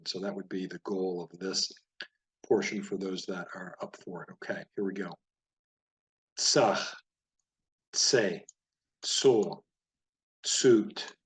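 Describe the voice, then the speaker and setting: A man teaching Biblical Hebrew, reading practice words out one by one and explaining in relaxed asides. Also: lowish voice. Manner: slow, deliberate word-by-word reading.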